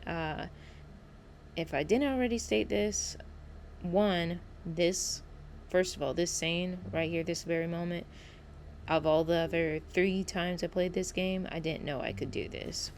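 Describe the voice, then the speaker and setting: A woman's voice: fairly low pitch, creaky, slight background noise. A woman casually narrating her own gameplay at home, rambling and chatty, often correcting herself.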